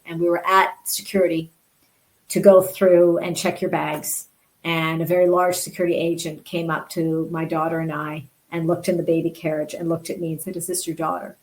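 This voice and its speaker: A middle-aged woman with a fairly low-pitched voice appears as an interview guest, earnestly telling personal stories and often restarting her words. It's candid personal storytelling, and the recording quality is low.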